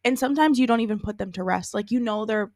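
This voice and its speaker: A woman's voice: on the high side, quick pace, no echo. A woman in her late twenties, co-hosting a podcast in easygoing, rambling chat and laughing easily. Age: 20s. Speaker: podcast co-host. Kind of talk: casual chat.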